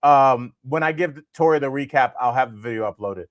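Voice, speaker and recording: A man's voice: medium pitch, brisk, no echo. A man in his forties, co-hosting a comedy podcast and telling a rambling story full of fillers. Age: 40s. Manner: rambling, animated anecdote-telling with frequent fillers. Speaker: podcast co-host.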